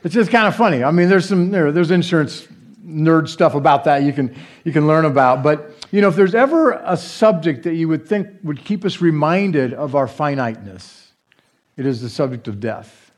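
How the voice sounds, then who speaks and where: A man's voice: a little high, expressive. Man pastor, easygoing sermon, stop-start delivery with small jokes. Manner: halting, with fillers and light joking asides. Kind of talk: conversational sermon.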